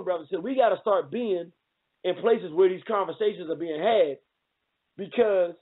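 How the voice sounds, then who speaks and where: A man hosting a radio show, giving an impassioned political talk that often repeats words as he presses his point. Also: high-pitched. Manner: fervent, repeats words when worked up. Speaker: radio host. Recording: tinny phone-like audio.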